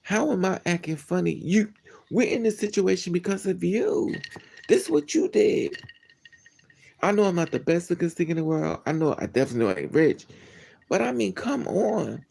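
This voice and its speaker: A man hosting a livestream, telling a personal story to his viewers in a candid, animated, blunt way. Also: high-pitched, moderate pace, gravelly, breathy edge. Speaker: livestream host. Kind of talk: casual storytelling to a live chat.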